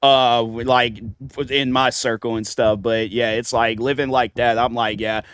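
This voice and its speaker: A man's voice: mid-range voice, level tone, normal speed, fairly bright tone, clean tone, no room sound. A young man hosting a reaction video, rambling loosely and voicing his own thoughts as little quotes. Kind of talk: casual reaction commentary.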